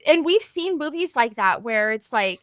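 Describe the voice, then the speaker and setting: Bouncy, high-voiced woman with a dry sound. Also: moderate pace, no echo. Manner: expressive, laughs often, lots of "like" and "right". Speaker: podcast co-host. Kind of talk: casual chat.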